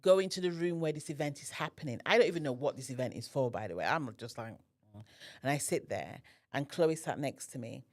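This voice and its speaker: Woman, low voice, podcast guest, personal storytelling, acts out dialogue. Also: quick pace. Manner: animated, acts out quoted dialogue.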